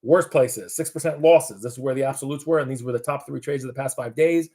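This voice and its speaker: A man hosting a loose, chatty market show. He rambles over charts at a middle pitch, jokes, and corrects himself as he goes. His voice is plain and everyday. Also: fast, darkish tone. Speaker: market analyst host.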